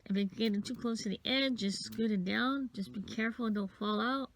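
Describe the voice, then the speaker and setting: A woman's voice: on the high side, moderate pace, gravelly. A sniffly woman casually rambling through a bead-bracelet craft tutorial, counting beads aloud as she works. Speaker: craft vlogger.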